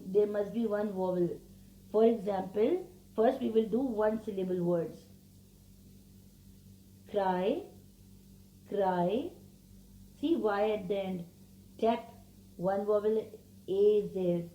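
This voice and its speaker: A woman teacher talks young pupils through a revision lesson at an unhurried, deliberate pace. She repeats each example word so the class can follow. Her mellow voice rings in a roomy, echoing space. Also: medium pitch. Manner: slow, patient, repeats words for children.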